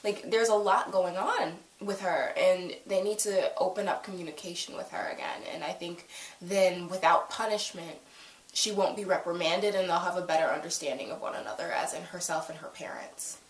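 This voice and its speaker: A woman's voice: on the low side, moderate pace, reverberant, far from the mic, poor audio. A young woman talks through a TV episode in a loose, casual way, full of "like" and retold lines. She sits a little away from the mic, and the room rings around her voice. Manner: chatty, lots of "like" and retold quotes. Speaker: TV review vlogger. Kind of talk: casual recap chat.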